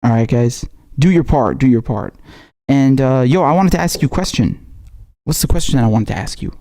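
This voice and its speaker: A man's voice: mid-range voice, lively intonation, fairly quick, dark tone. A man hosting a political commentary livestream, chatting loosely with viewers in a slangy, repetitive, off-the-cuff way. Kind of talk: casual livestream chat.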